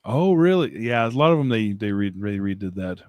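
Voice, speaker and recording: A livestream host with a lowish, sing-song voice talks at a normal speed into a desk mic in a streaming setup, with no echo. He rambles casually, jokes at his own expense, and laughs often while answering chat comments.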